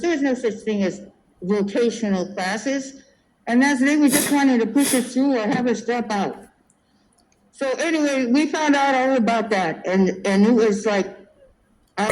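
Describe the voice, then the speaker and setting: A woman in her seventies from California, recalling her school years in a lively storytelling way and acting out the people she quotes. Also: fairly high pitch, rough recording. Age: 70s. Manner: lively storyteller who acts out quoted voices. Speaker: interviewee. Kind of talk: oral history recollection.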